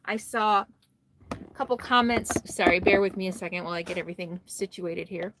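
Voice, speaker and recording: A woman's voice: on the low side, fairly quick, noisy background. A tired woman hosting a casual RV livestream from her phone, chatty, greeting viewers by name and laughing often. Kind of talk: casual live stream chat. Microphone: phone held close.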